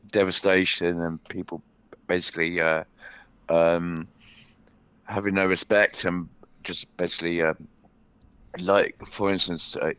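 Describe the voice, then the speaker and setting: Deep-voiced hesitant male caller. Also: a bit bright, smooth, no echo, muffled recording. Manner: hesitant, many fillers.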